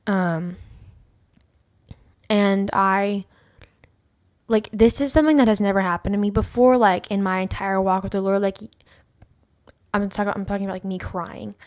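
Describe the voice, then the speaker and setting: A woman hosts a personal faith podcast at a middle pitch. She tells her story in a loose, rambling way. She keeps adding fillers and restarting her sentences. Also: moderate pace, long pauses, a little mellow. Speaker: podcast host.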